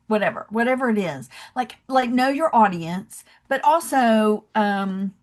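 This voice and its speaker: Southern lady guest on a podcast, slightly high voice, expressive storyteller. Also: measured pace, few pauses. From Georgia. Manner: expressive storyteller, bright acted-out asides. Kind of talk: casual podcast interview.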